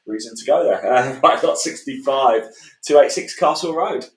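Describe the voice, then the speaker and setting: A man hosting a live auction show, upbeat and brisk as he introduces each lot. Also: mid-range voice. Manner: upbeat, brisk link-host prompting. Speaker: show host. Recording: roomy echo.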